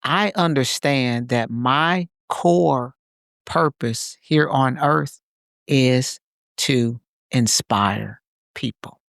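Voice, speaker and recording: A man's voice: mid-range voice, very slow, gravelly, fairly bright tone, dry recording, studio quality. A man co-hosting a podcast in a reflective, casual conversation, speaking emphatically and repeating phrases to drive his points home. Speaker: podcast co-host.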